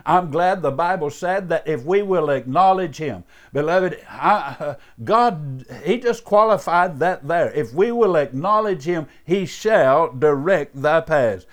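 A pastor preaches over the radio, his voice sitting a bit higher than most men's. He speaks earnestly and fervently, with plenty of filler sounds and repeated appeals to his listeners. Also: expressive, measured pace, hardly any pauses. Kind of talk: radio sermon.

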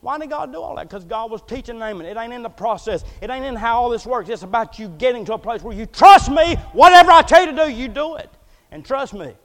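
A man's voice: very high voice, animated, fairly quick. A man preaching a folksy, storytelling sermon in a church, acting out the quotes as he goes. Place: church hall. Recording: echoey hall.

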